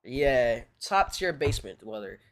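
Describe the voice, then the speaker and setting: A man's voice: medium pitch, unhurried. Hyped-up guy streaming a reaction, slangy, keeps repeating himself, medium voice. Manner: excitable, repeats phrases, heavy slang. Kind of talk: casual reaction commentary. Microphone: streaming mic.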